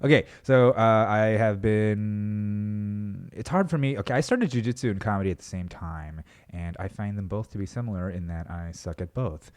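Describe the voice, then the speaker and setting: Speaking at a moderate pace in a fairly low voice, this young man runs his own podcast. The solo monologue is casual and meandering, full of self-mockery and offhand cursing.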